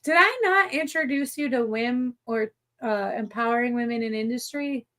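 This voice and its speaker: A woman with a Midwestern American accent hosting a podcast, chatting in an excited, rambling way and correcting herself as she goes. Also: a little high, normal speed. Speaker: podcast host. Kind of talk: casual chat.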